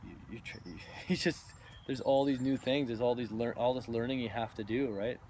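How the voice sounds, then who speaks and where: A man's voice: mid-range voice, steady tone, normal speed, darkish tone, slight background noise. Rambling man, a personal trainer guest. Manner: rambling, restarts, tag questions. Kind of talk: casual chat.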